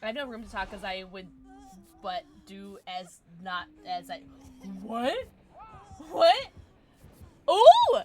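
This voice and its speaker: Soft music plays in the background as a young woman streams a game from home and chats casually with her audience. She is bubbly, animated, playful, and slightly tipsy, and she greets each new follower with gasps and squeals. Her medium-pitched voice moves at a measured pace.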